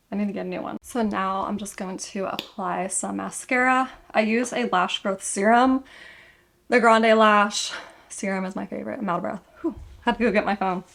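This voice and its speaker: A woman's voice: medium pitch, gravelly, a bit bright. A young woman vlogger chatting casually through a makeup tutorial, rambling and correcting herself as she goes.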